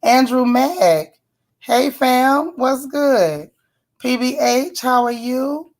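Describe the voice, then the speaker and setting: A woman's voice: high voice, expressive, extremely slow. A woman hosting a casual live stream, chatting in folksy slang and greeting viewers one by one by name. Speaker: livestream host.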